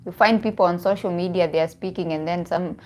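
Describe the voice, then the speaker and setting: A woman's voice: fairly low pitch, fast, a little mellow, slight background noise. A young woman with a Kenyan accent chatting casually on a live stream, laughing often and restarting her phrases. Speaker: vlogger.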